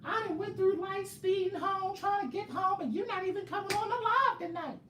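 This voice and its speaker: A man mocking his fans in a whiny, high-pitched nagging voice, in an echoey room. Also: normal speed, pushed and bright, distant mic, slight background noise.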